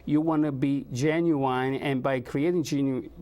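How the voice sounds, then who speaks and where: Guy interviewing, mid voice, slow and careful, hunts for words. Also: mid-range voice, fairly even intonation, warm tone. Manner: measured, searching for words. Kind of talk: interview conversation.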